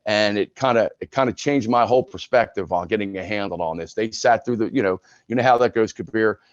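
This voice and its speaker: A man in his sixties speaks frankly and conversationally as a podcast guest, retelling his past with plenty of restarts. His voice sits at an ordinary pitch. The recording is dry and a little dull and lo-fi. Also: a little fast, no echo. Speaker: podcast guest, retired sports broadcaster. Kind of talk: candid personal storytelling.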